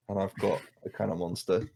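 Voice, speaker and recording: A man's voice: sits low, creaky, dark tone, no echo. A man hosting a casual podcast, leading the chat and laughing often. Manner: jokey, laughs often, leads the talk. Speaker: podcast host.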